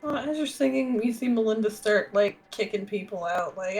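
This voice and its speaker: A woman narrating a tabletop role-playing game as game master, playful and quick to laugh. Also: mid-range voice, lively intonation, a little mellow, faint music behind.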